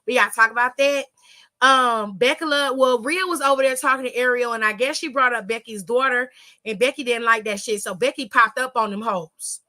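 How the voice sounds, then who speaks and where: A woman's voice: fairly high pitch, a little fast, sharp tone. A woman hosting a casual aftershow, telling stories in a loose, profane, gossipy way. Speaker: aftershow host. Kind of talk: casual chat recapping wrestling.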